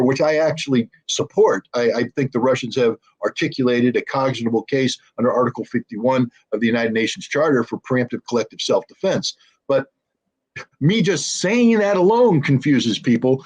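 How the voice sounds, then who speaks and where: Husky-voiced man, heated and emphatic. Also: medium pitch, darkish tone. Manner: heated and emphatic, full of ums and restarts. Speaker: interview guest. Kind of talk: impassioned political commentary.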